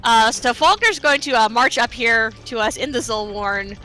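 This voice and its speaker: Chatty bright-voiced woman speedrunner. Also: fairly high pitch, moderate pace. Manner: chatty, filler-heavy, playful. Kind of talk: casual live game commentary.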